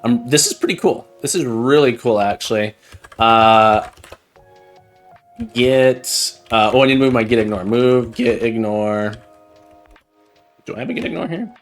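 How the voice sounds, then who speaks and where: A man hosting a live coding stream, chatting excitedly and jokingly with viewers, often repeating words and restarting his sentences. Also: mid-range voice, quick pace, soft background music. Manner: laughs often and jokes with chat. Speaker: livestream coding host. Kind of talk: casual live-stream chat while coding.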